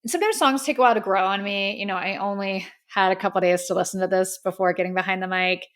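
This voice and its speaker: A woman's voice: mid-range voice, quick pace, fairly bright tone. A woman hosting a podcast, giving a casual, candid music review with plenty of fillers and opinions. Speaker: podcast host.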